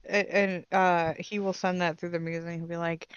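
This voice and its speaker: A woman playing her character in a tabletop game, speaking slowly and gently. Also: fairly low pitch, little pitch movement, clean tone, no echo, highs cut off. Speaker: player.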